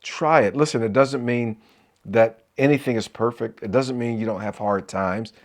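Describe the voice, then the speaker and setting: A man's voice: mid-range voice, moderate pace. A middle-aged man speaks as a marriage coach in an encouraging talk to camera. His voice sits in a medium register, and he slips into preacher-like asides that call on the listener to answer back.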